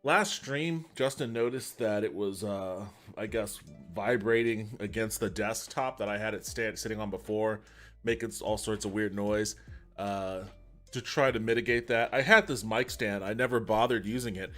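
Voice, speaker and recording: A man's voice: lowish voice, normal speed, fairly bright tone, soft background music. Rambling chatty man on a desk mic. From Texas. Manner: rambling, chatty, casually profane. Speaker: podcast livestream host. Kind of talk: casual solo livestream chat. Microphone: USB desk mic on a stand.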